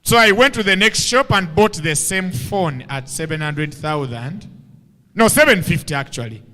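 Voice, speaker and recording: A man's voice: sits high, moderate pace, big-room sound. A man, giving a comic storytelling talk from a stage microphone. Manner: animated, playful storyteller. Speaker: motivational speaker.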